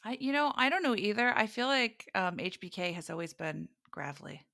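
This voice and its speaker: A woman's voice: mid-range voice, a little fast, vocal fry, pushed and bright, no room sound, clean studio sound. A woman co-hosting a casual podcast chat, playful and enthusiastic, laughing often. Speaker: podcast co-host.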